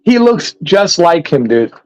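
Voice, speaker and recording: A man's voice: fairly high pitch, sing-song, unhurried. A man hosting a casual podcast, joking and bantering with a boastful, playful manner. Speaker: podcast host. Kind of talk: casual chat.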